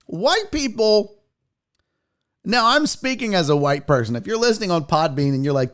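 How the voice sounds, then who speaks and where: A man hosts a comedic talk show with a loud, mocking edge, cursing freely as he rants. His pitch jumps all over the place, swooping up for sarcastic impressions and dropping low for deadpan asides. He talks at a loose, animated clip. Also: moderate pace. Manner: loud, mocking, profane, swings into exaggerated voices. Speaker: podcast host.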